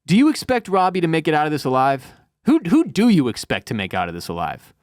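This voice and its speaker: A man's voice: a little high, huge pitch swings, quick pace, no echo. A man co-hosting a podcast in casual chat, rambling and reenacting scenes, on a studio mic. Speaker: podcast co-host.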